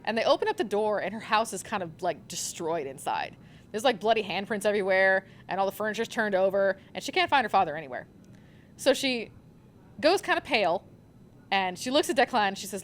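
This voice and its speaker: A woman's voice: mid-range voice, animated, fast talker. A young woman recommending manga on a live convention panel, gushing and rambling with lots of fillers.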